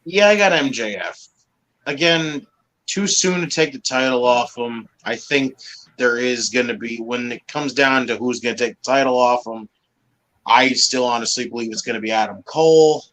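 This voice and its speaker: A man's voice: mid-range voice, moderate pace, a bit bright, low-quality recording. A man ranting emphatically on a casual podcast, swearing often. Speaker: podcast guest.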